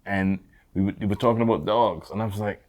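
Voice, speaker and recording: A man's voice: lowish voice, quick pace. A man from the Caribbean co-hosting a podcast, chatting in an easygoing, reflective way and agreeing often with his guest. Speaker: podcast co-host. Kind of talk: casual chat.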